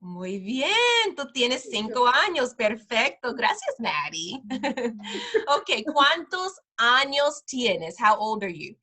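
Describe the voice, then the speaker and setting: A woman teaching parents simple Spanish phrases in an online class, patient and slowing down over each phrase. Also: on the high side, big pitch swings, sharp tone. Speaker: preschool director teaching parents.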